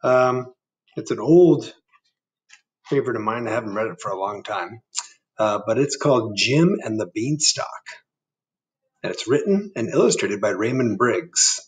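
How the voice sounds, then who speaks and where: A man, a first grade teacher, reading a picture book aloud and chatting gently with children, asking them questions as he goes. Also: on the low side, lively intonation, moderate pace, far from the mic. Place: indoor room.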